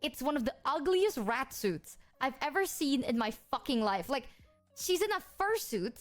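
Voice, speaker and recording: A young woman with a high voice that leaps all over the place tells a story on a stream. She is animated, swears freely and keeps reaching for "like". This is casual streamer storytelling. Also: moderate pace, faint music behind. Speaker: guest streamer.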